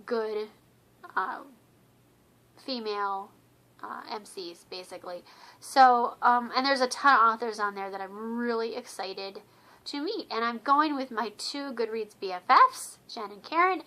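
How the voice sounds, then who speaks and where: A woman's voice: fairly high pitch, pushed and bright. A woman with children, chatting about books in a casual vlog, rambling and enthusiastic with many fillers. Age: adult with children. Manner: enthusiastic, repeats words for emphasis. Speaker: book vlogger.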